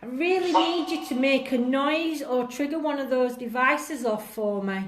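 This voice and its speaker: A woman's voice: high voice, normal speed, slight background noise. A woman on a live-streamed ghost hunt, calling out to spirits and reading out viewer comments. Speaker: paranormal investigator. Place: echoey old jail building. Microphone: phone livestream. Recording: echoey room, faint music.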